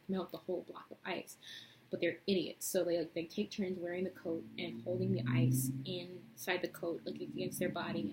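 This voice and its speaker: A woman's voice: on the low side, dark tone, a little hiss or hum, poor audio. A young woman vlogger chatting casually as she retells a movie plot and does her makeup, rambling with lots of fillers. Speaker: beauty vlogger.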